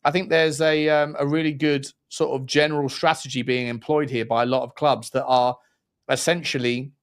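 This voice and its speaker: A man co-hosting a football talk livestream, chatty and upbeat, with blunt opinions and quick shout-outs to viewers. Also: medium pitch, level tone, clear, resonant tone. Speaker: co-host.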